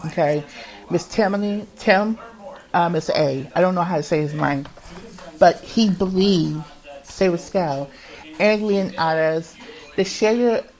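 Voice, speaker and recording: A man's voice: high voice, a little mellow, rough recording. A man alone at the mic, pouring out a confessional monologue for his podcast. He stumbles and restarts constantly, circling back over the same words. His speech is full of swearing and runs raw and agitated throughout. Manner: rambling and halting, with many restarts and repeats; heavy swearing. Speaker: podcast host.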